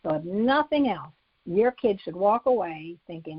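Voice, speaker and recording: Woman, psychologist, step-by-step instructional talk, slightly husky, lo-fi recording. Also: lowish voice, lively intonation, moderate pace, no echo. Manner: methodical, walks through numbered steps. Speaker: psychologist explaining a method to parents.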